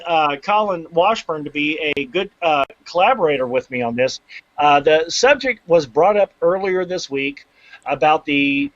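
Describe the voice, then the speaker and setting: A man's voice: on the high side, fairly bright tone, no room sound. A man hosting a segment of a casual podcast, loose, laughing and profane. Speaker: segment host. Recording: dull lo-fi sound.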